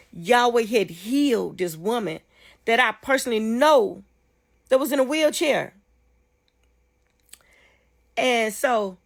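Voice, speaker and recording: A woman telling a dream testimony casually, fervent and repetitive, climbing high when she rejoices. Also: gravelly. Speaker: storyteller sharing a dream testimony.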